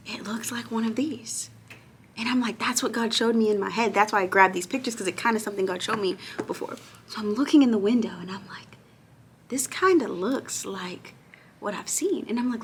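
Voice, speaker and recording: A young woman vlogging in casual chat to camera, excitable, breaking into squeals and exclamations. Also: medium pitch, a little hiss or hum.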